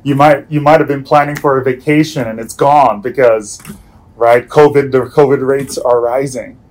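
A man preaching a sermon as pastor, earnest and searching, often repeating himself and letting sentences fall away quietly. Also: mid-range voice, steady tone, moderate pace, rough recording. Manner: earnest, with many restarts and soft trailing endings.

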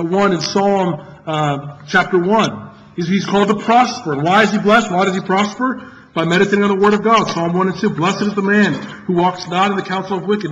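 A pastor preaching a sermon to his congregation in an earnest, emphatic way, repeating key phrases and pausing for effect. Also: high-pitched, a bit bright, muffled recording, a little hiss or hum.

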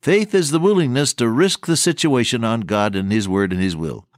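A man preaching a sermon earnestly and emphatically, slowing down to stress key words and quoting old-fashioned scripture phrasing. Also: mid-range voice, dry recording, studio quality.

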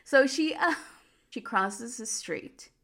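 A woman's voice: a little high, animated, takes it slowly, fairly bright tone. A woman hosting a podcast, chattily recapping a telenovela plot with lots of "like" and amused asides. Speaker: podcast host.

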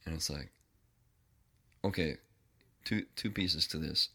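A man's voice: extremely low pitch, slow pace, pushed and bright. A man hosting a podcast, talking in a blunt, profane, rambling monologue. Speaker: podcast host. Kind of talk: casual ranting monologue.

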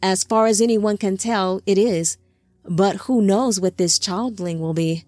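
A woman's voice: mid-range voice, a little mellow, dry recording, soft background music, natural voice. Woman reading Yemezrek, a remorseful angelic being. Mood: solemn. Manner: formal, measured. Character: remorseful male angelic being, solemn and gentle.

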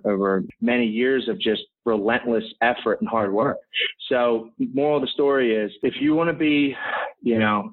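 A man in his thirties from Philadelphia, a podcast guest telling stories in an energetic, rambling way full of "you know" asides. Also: medium pitch. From Philadelphia, USA. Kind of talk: conversational interview storytelling. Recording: tinny phone-like line.

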